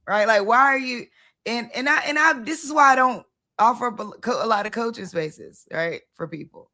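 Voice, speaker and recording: A woman hosting a casual conversation, talking bluntly and in an animated way, acting out the things she says to people. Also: fairly high pitch, moderate pace. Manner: blunt, animated, acts out her own past self. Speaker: host, founder of the organization.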